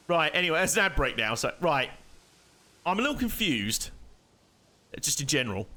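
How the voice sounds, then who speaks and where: Man, game streamer, chatty live commentary, muttering asides, bright tense voice, slightly high. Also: big pitch swings, moderate pace, pauses often. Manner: chatty, muttering to himself, laughing often.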